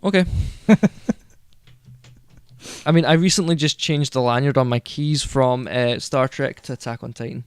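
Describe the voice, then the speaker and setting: Smooth-voiced rambling man. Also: mid-range voice, moderate pace, pauses often, dry recording. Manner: rambling, self-correcting, enthusiastic. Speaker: podcast co-host. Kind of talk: casual chat.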